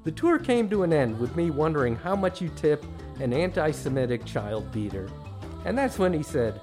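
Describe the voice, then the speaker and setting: Middle-aged American male host with a dry, self-mocking comic storytelling delivery and an animated pitch. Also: moderate pace, over music. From United States. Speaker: podcast host.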